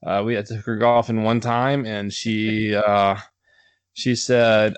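A man in a casual chat who speaks haltingly, with false starts. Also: lowish voice, flat delivery, clear, resonant tone, dry recording. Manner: hesitant, halting.

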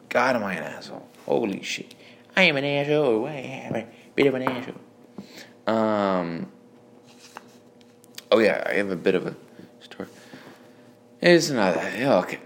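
A man's voice: on the low side, gravelly, a little hiss or hum. A man alone with a phone voice memo, reading his old joke notes aloud, rambling, swearing and mocking himself. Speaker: amateur comedian.

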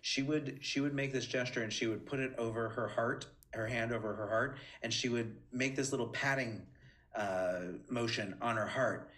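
A man as a podcast interview guest, telling animated stories with many restarts and high, bright quoted lines. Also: normal speed. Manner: animated storyteller, many restarts, jumps high when quoting. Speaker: interview guest, former assistant. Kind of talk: casual interview talk.

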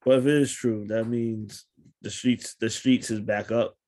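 A man's voice: medium pitch, fairly even intonation, unhurried, darkish tone. A man co-hosting a casual podcast chat, wry and teasing, often musing hesitantly. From West Indian family. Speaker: podcast co-host.

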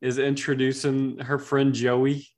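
A man of middle pitch co-hosting a casual movie podcast. He talks in a relaxed way and leads the conversation to new topics. His delivery is easygoing and conversational. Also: measured pace. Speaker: podcast co-host.

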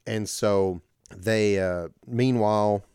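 A man's voice: on the low side, fairly even intonation, slow, darkish tone, smooth, no room sound, studio quality. A man co-hosting a podcast, recapping a film plot in a loose, rambling way. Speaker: podcast co-host. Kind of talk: casual chat.

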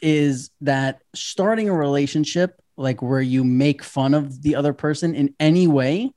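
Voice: medium pitch, unhurried, dark tone. A podcast co-host, talking candidly in casual chat, swearing freely and laughing often.

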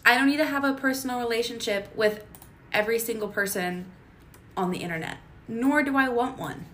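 A woman's voice: on the high side, a little fast, pushed and bright, a little hiss or hum. Young woman, podcast co-host, blunt and opinionated, casual chat, laughs between remarks.

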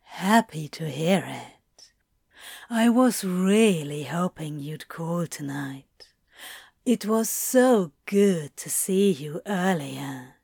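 A woman voicing a calm, teasing male demon with a rich, smooth voice and an unhurried, coaxing way of talking. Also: fairly low pitch, no echo, clean studio sound, pitched below the performer's own voice, exaggerated voice.

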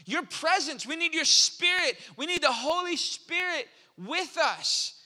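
A male pastor preaching a sermon in an animated, playful way, sometimes stepping into mock dialogue with his listeners. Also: very high-pitched, a little slow, in a large hall.

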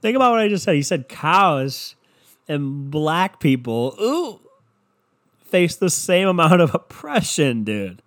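A man's voice: fairly high pitch, expressive, measured pace, a bit bright. A man ranting in a sarcastic comedy style, swearing freely and mocking people. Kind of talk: profane comedic rant.

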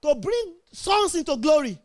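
A woman's voice: high voice, big pitch swings, normal speed, a little mellow. A middle-aged woman preaching a sermon, emphatic and calling out to her congregation. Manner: emphatic, call-and-response with congregation.

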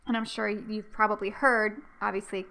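A woman's voice: medium pitch, little pitch movement, moderate pace, vocal fry, pushed and bright, clean tone. A young adult woman from the United States hosting a casual solo history podcast, chatty and rambling, with many ums and restarts. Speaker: podcast host.

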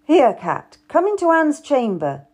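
Woman voicing a smooth, coaxing young nobleman. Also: high voice, wildly swooping pitch, unhurried, darkish tone, pitched above the performer's own voice, full character voice. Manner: coaxing, commanding. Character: charming arrogant young male nobleman.

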